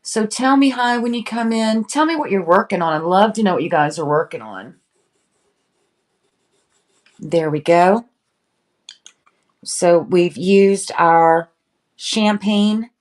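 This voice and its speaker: A woman with a lowish, darkish voice hosts a casual furniture painting livestream, demonstrating live while chatting and greeting viewers by name.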